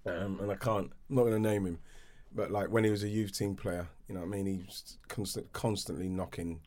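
A man's voice: low voice, fairly quick. A man co-hosting a podcast, telling stories in casual chat and laughing often. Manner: laughing, animated storyteller. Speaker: podcast co-host.

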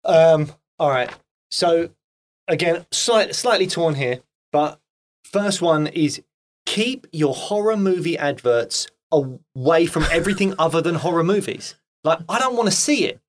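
A man chatting casually as a guest actor, telling animated stories with lots of fillers and "mate". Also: on the high side, unhurried. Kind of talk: casual chat.

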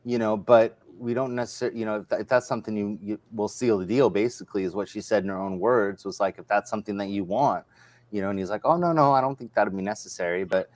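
A man's voice: on the low side, quick pace. A man hosting a casual livestream, rambling and retelling stories in quoted dialogue. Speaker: livestream host. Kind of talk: casual chat.

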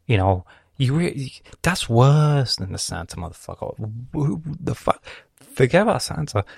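Gravelly guy ranting and cursing, loud then whispery, dead dry sound. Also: mid-range voice, sing-song, measured pace, dry recording. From Lebanon. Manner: swears constantly, swings from loud outbursts to hissed whispers. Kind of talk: profane comedic rant.

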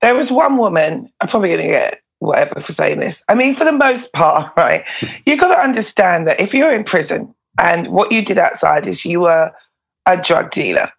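A woman, a former prison officer and comedian, telling stories in a casual interview, animated and swearing freely. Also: lowish voice, normal speed, gravelly, slightly rough, muffled recording. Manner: animated, swears freely, laughs between lines. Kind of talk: casual storytelling in a podcast interview.

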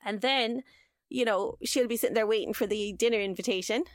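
A woman's voice: a little high, a little fast, dry recording, studio quality. A woman co-hosting a podcast, talking through scenarios in a chatty way. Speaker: podcast co-host. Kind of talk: casual discussion.

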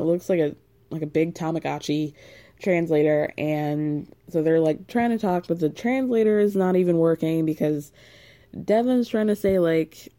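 A woman's voice: fairly low pitch, dark tone. A woman hosting a podcast, recapping in a chatty, rambling way, full of "like" and easy laughter. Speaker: podcast host. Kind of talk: casual recap chat.

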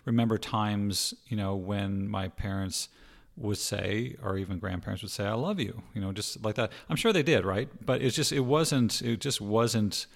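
Gravelly low-voiced man co-host. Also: normal speed. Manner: reflective, thinks aloud with many fillers. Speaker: podcast co-host. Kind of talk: casual podcast conversation.

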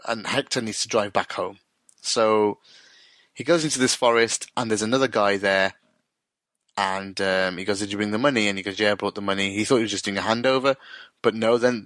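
A man's voice: lowish voice, a bit bright, no echo. A man casually retelling a TV episode, full of restarts and acted-out dialogue. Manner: rambling retelling with frequent restarts and quoted dialogue. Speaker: co-host recapping a TV episode. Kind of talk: casual chat.

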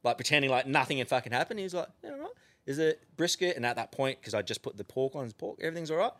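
An Australian man in casual conversation, telling stories with plenty of swearing. He talks quickly and keeps the story rolling. His pitch sits in an ordinary middle range. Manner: profane, animated yarn-spinning with frequent swearing. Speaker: podcast guest.

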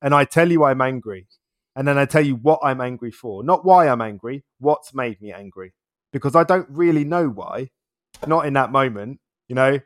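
A man's voice: mid-range voice, expressive, moderate pace, dry recording, studio quality. A man as an interview guest, talking in a reflective, casual way, laughing often and repeating words as he thinks.

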